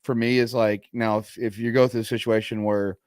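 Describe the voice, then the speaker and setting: Halting man, podcast host. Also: on the low side, flat delivery, a little mellow, clean tone, dry recording, studio quality. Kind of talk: casual chat.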